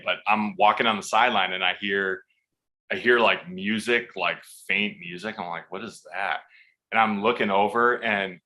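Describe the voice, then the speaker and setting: Podcast guest: man, thirties, bright forceful tone, relaxed profane storytelling. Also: fairly low pitch. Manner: laid-back, swears freely, acts out quotes. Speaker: podcast guest, football player. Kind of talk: casual storytelling.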